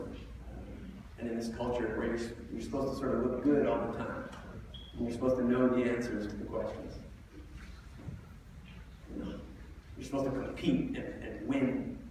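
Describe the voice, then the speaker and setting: A man's voice: mid-range voice, a little mellow, a little hiss or hum. A young man giving an earnest, reflective talk as a guest speaker at a school assembly. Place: school auditorium. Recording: echoey hall from far off.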